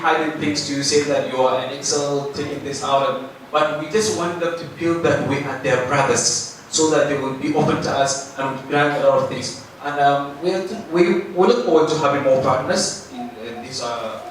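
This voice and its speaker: A man giving earnest, halting closing remarks at a forum. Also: fairly high pitch, slight background noise. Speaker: forum speaker. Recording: echoey hall, distant mic.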